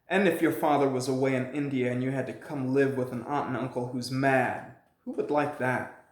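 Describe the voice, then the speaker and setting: A man's voice: mid-range voice, fairly even intonation, moderate pace, natural voice. Man doing a miserable little boy all wound up, mid voice, storybook read-aloud in a roomy echo. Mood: upset. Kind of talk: reading a children's novel aloud.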